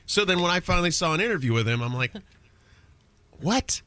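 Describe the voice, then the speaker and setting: Male radio co-host, high bright voice, exasperated and ranting, dry studio sound. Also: sing-song, a little fast, clean tone, no echo. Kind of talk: casual morning radio chat.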